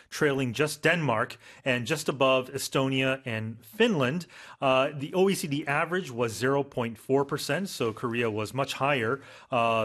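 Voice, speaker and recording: A man's voice: mid-range voice, fairly bright tone. A man co-hosting a news explainer, breaking down economic terms in an easygoing way with frequent fillers. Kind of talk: casual news explainer for learners.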